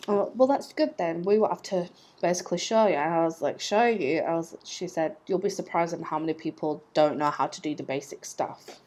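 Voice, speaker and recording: Young woman vlogging, low-ish voice, chatty rambly storytelling, self-mocking. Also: a little fast, darkish tone. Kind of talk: casual storytelling to camera.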